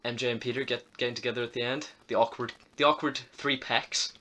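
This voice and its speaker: A man's voice: medium pitch, fairly even intonation, fast, pushed and bright. A teenage boy co-hosting a casual film review podcast, chatty, often restarting his words and swearing offhand. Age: teens. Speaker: podcast co-host.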